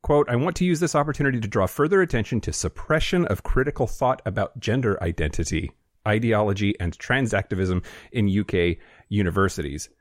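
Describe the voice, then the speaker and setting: Male podcast co-host, casual news read, sarcastic and profane, animated pitch, dry close sound. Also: fairly quick, no echo. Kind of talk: casual chat, reading news. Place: studio.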